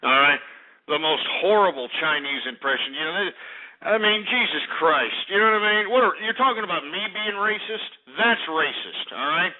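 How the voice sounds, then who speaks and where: A man's voice: on the high side, expressive, moderate pace. A man hosting a call-in radio show, ranting in a profane, mocking, bombastic way. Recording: tinny phone-line radio sound.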